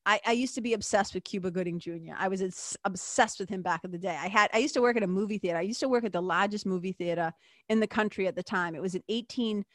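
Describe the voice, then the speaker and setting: Podcast host, woman in her fifties: lively, swears freely, slips into playful voices; dry booth sound. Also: medium pitch, fast talker, no room sound. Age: 50s. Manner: animated storytelling, acts out silly voices, swears freely. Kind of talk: casual solo podcast talk.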